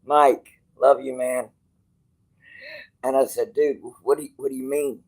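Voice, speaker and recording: A man with a rough, gravelly voice talks to his viewers at an unhurried, drawn-out pace. He rambles and restarts, acts out the dialogue of others, and swears casually as he goes. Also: medium pitch, level tone, darkish tone, rough recording. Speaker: channel host.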